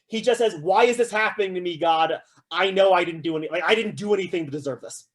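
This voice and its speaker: Man, philosophy lecturer, high voice, casual classroom talk, animated, playful quoting. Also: fast. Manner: casual, animated, frequent "right?" and "like"; acts out quoted voices with humor.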